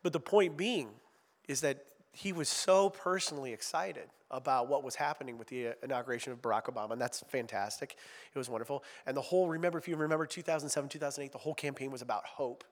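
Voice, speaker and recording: A man's voice: medium pitch, fast. A man preaching a conversational sermon as a pastor, chatty and self-deprecating, with joking asides. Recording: long reverb of a large hall.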